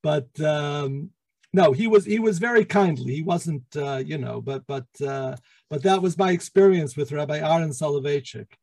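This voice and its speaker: A middle-aged man, a rabbi, telling his life story in an interview, halting with many restarts. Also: a little high, creaky, a little mellow, no echo, low-quality recording.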